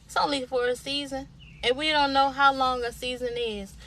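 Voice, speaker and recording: Young woman, a bit high-pitched, with a colloquial, preacher-style motivational delivery and a lot of repetition. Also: steady tone, normal speed, fairly bright tone, slight background noise. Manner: emphatic, repetitive, preacher-like exhortation; informal, colloquial. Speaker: motivational speaker. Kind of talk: inspirational direct-to-camera talk.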